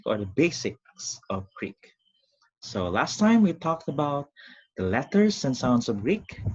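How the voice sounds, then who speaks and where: A man teaching a recorded online lesson, speaking slowly and deliberately and asking listeners to repeat words after him. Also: mid-range voice, darkish tone, husky, muffled recording. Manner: slow, deliberate teaching with call-and-repeat drills.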